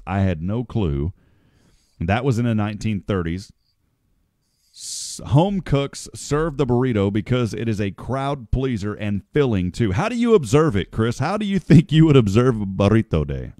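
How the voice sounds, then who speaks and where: A man from the United States hosts a morning radio show, trading jokes in a folksy, casual chat and calling people "brother" and "man." His voice is on the low side and dark in tone, recorded dry with clean studio sound.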